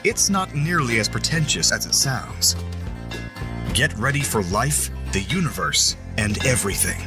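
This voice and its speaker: Male announcer, scripted promo, measured dramatic read, guitar music underneath. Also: mid-range voice, big pitch swings. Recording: music bed behind the voice.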